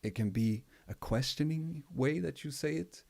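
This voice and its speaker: This man's voice sits on the high side with a darkish tone and some vocal fry, moving at normal speed. He's a music producer chatting casually on his livestream, wandering between topics, laughing often and cursing freely.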